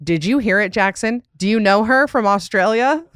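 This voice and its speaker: A young woman hosting a podcast in a loose, rambling way, dropping "like" all through her talk and laughing often. Her voice sits at a middle pitch and is recorded close and dry. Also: moderate pace, a bit bright, smooth, no room sound. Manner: chatty, rambling, lots of "like" and laughs. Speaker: podcast host. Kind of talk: casual chat.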